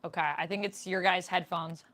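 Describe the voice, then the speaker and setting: A woman's voice: lowish voice, fairly even intonation, moderate pace, fairly bright tone. A young woman streamer chatting casually with her viewers in a live Q&A, reading out their comments as she goes. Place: home room, indoors. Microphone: desk microphone.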